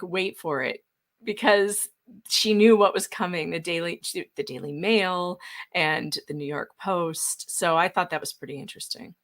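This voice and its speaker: A middle-aged woman guesting by video call in a casual interview, animated, sarcastic and quick to laugh. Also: fairly low pitch. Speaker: guest writer.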